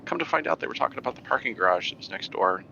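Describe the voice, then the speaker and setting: A man's voice: mid-range voice, expressive, rapid-fire, bright, forceful tone, slight background noise. A man from Indiana chatting and telling stories while playing a game with a friend over voice chat. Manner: chatty storyteller, gravelly. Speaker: guest player. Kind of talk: casual gaming chat. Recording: dull lo-fi voice chat.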